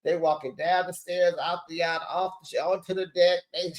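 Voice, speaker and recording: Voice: medium pitch, flat delivery, moderate pace. A reality TV recap host giving a gossipy monologue, sassy and dramatic, acting out quotes and calling viewers besties.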